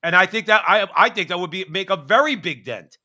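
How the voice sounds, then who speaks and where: Guy co-hosting a political show, ranting hard, high bright voice. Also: a little fast. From United States. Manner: ranting, emphatic, restarts often. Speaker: co-host. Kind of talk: political commentary chat.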